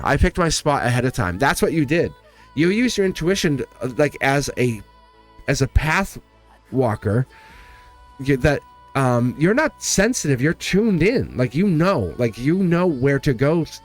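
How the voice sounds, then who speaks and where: A man's voice: medium pitch, big pitch swings, a little slow, faint music behind. Rambling male tarot reader. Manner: rambling, repeats and restarts phrases, chuckles often. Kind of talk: casual tarot reading to camera.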